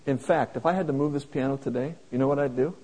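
A man preaching a sermon in a folksy, plain-spoken way, slowing down to stress each scripture quote. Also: mid-range voice, warm tone, rough recording. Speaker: pastor.

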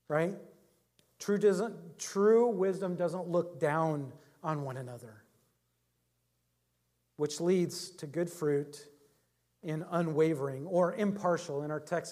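A man's voice: fairly high pitch, a little mellow. A middle-aged male pastor preaching a sermon in a conversational, storytelling way, often chuckling at his own anecdotes.

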